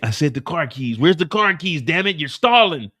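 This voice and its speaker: A man voicing a menacing male hitman who taunts in a low growl and later swears shrilly in pain. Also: moderate pace, sharp tone, dry recording, clean studio sound, lightly acted. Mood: threatening.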